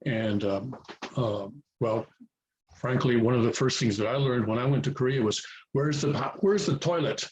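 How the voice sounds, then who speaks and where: A man's voice: medium pitch, moderate pace, a little mellow, low-quality recording. Hesitant man giving a casual lesson. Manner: hesitant, many fillers and restarts. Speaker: language teacher. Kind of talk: casual spoken lesson to viewers.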